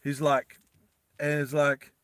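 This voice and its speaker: Man, casual storytelling, rambling, bright voice, dry close sound. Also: fairly high pitch, slow, dry recording. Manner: rambling, animated, with many fillers.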